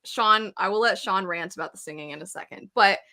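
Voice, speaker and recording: A woman's voice: mid-range voice, fairly quick, bright, forceful tone. A woman co-hosting a casual spoiler chat, chatty and laughing often as she recounts her reactions. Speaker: podcast co-host.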